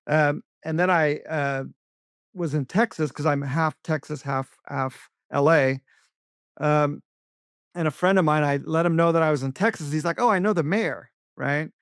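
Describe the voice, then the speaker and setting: A man co-hosting a business podcast tells chatty stories, often restarting his sentences. His voice is smooth and clear and slightly higher than most men's. The sound is dry and close. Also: normal speed, no echo. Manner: chatty anecdotes with frequent restarts. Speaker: co-host, attorney. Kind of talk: casual interview talk, storytelling.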